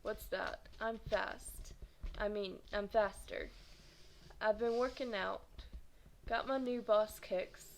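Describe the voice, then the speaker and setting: A woman voicing a boastful, tough teenage boy who taunts his rival in a storybook reading, with a slightly gravelly edge. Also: medium pitch, fairly even intonation, slow. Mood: taunting. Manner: swaggering, taunting.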